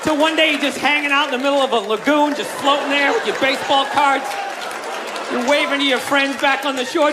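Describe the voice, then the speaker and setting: A man doing stand-up comedy, ranting loudly and exasperated, often shouting and swearing. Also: very high-pitched, fairly even intonation, fairly quick. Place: live comedy club stage. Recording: live club set with loud crowd laughter and noise.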